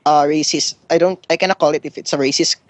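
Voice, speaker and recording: A man in his twenties from the Philippines calling in to a radio show, earnest and halting with many fillers. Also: a little high, fairly even intonation, no room sound. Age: 20s. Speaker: caller. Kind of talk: phone-in question.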